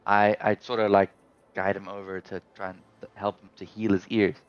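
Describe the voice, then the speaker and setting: A man playing a tabletop game, halting and fumbling for words as he describes his character. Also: on the low side, flat delivery, clear, resonant tone, no room sound, dull audio. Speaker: player. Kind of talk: casual tabletop game play.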